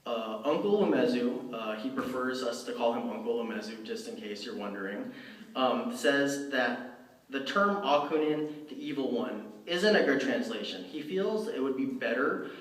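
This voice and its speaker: A man's voice: mid-range voice, expressive, normal speed, a bit bright. A man giving a personal storytelling talk in a church, speaking conversationally with many fillers and restarts. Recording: roomy, from far off.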